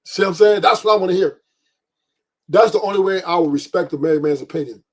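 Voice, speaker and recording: Blunt, husky-voiced man ranting. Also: sits high, fast talker. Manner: blunt, profane, emphatic repetition. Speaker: podcast host. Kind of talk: livestream commentary rant.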